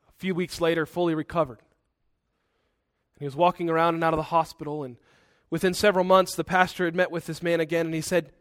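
Earnest pastor preaching a sermon. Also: male voice, a little high, level tone, a little fast, a bit bright, dry recording, studio quality. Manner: earnest and conversational, with asides.

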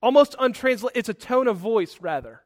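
A man preaching a sermon, animated and quick to act out angry outbursts, with self-correcting asides. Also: extremely high pitch.

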